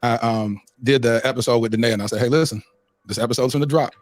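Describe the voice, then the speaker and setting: A man's voice: medium pitch, fast talker, dry recording, faint music behind. A man hosting a podcast, speaking earnestly and emotionally in a preacher-like way, leading into a prayer. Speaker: podcast host.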